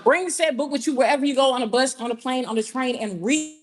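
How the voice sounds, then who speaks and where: A woman's voice: high voice, fast. A young woman from Georgia with a Southern accent, performing a comic spoken-word piece in a conversational storytelling manner, chatting to the audience between lines. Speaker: performance poet.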